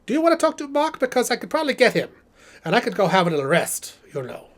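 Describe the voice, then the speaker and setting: A man's voice: extremely high pitch, quick pace. A man doing a chatty puppet professor. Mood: weary. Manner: animated, theatrical, rambling asides. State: out of breath, exhausted. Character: chatty male puppet professor, theatrical and self-important. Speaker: puppet host. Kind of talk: live stream Q&A.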